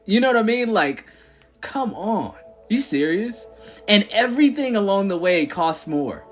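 A man's voice: high voice, animated, normal speed, fairly bright tone, soft background music. A man who founded a church chats casually on a livestream, answering viewers with slangy talk and frequent laughter.

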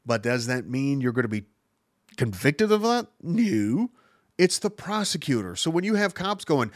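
A man chatting on his own podcast in a loose, rambling way, swearing freely and cracking himself up. His pitch jumps around a lot as he talks, and the sound is dry and close to the mic. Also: very animated, normal speed, no echo. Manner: rambling, profane, giggly. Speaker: podcast host. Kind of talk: casual chat.

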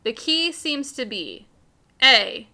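A woman's voice: high-pitched, very animated, takes it slowly, gravelly, sharp tone. A young woman co-hosting a podcast in casual chat, upbeat and filling her talk with "like". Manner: upbeat, says "like" a lot. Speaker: podcast co-host.

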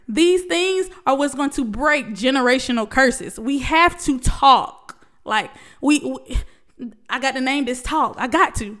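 Woman vlogger, high voice, emotional preachy pep talk, calls her listeners baby. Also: fairly bright tone. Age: adult, past college. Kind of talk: heartfelt motivational talk to camera.

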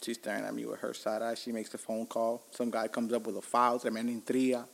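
Male podcast host, 30s, mid pitch, casual, profane, animated storyteller. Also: fast, vocal fry. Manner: profane, animated, tells stories with acted-out quotes.

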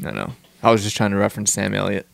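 A man's voice: fairly low pitch, sing-song, very fast, vocal fry, no echo. A man co-hosting a casual podcast chat, swearing freely and joking around. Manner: profane, jokey, slips into put-on accents. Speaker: podcast co-host.

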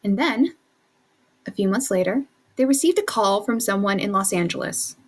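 A woman presents a true-crime case to her co-hosts in steady, measured narration. Her voice sits at a middling pitch and she reads plainly. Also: breathy edge. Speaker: podcast co-host presenting the case.

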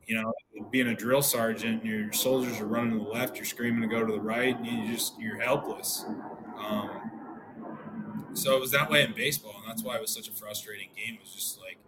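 Heavy background noise sits under the low-side voice of a man in his thirties, a former professional pitcher guesting on a podcast. At a moderate pace, he tells casual stories and animatedly acts out quoted dialogue.

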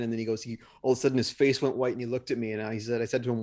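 A man's voice: medium pitch, steady tone, rapid-fire, hardly any pauses, darkish tone. A man in casual chat, rambling with restarts as he retells events. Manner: rambling, restarts, retells trial scenes with quoted lines.

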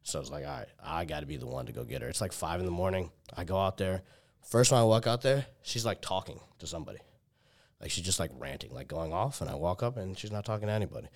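Low-voiced young man telling a story. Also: animated, fast, creaky. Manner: heavy filler "like", swears, restarts, quoted dialogue. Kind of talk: casual storytelling.

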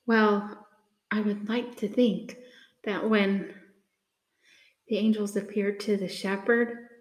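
Woman, slow devotional talk, earnest, pausing often, echoey room. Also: medium pitch, little pitch movement. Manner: unhurried, earnest, many ums and pauses. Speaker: speaker sharing a faith reflection. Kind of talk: casual devotional talk with scripture reading.

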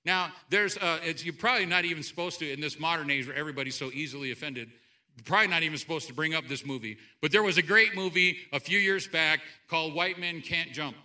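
A man preaching a sermon to a church congregation, animated, swinging between loud outbursts and quiet asides. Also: on the high side, fast. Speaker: pastor. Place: church sanctuary.

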